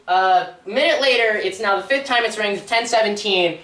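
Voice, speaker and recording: A woman's voice: mid-range voice, normal speed, fairly bright tone. A teenage girl doing a stand-up comedy routine on a local theatre stage, rambling and self-deprecating, laughing at her own jokes. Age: teens. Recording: echoey room from far off.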